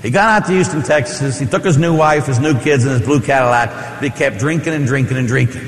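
A man's voice: medium pitch, fast. A middle-aged man preaching as a priest, telling stories and asking the congregation questions. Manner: storytelling with rhetorical questions. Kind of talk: sermon. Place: church. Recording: echoey church hall.

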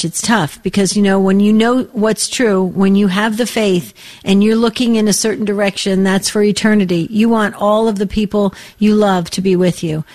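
Caring female radio co-host. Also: medium pitch. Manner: warm, caring, prayerful. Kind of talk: call-in radio talk.

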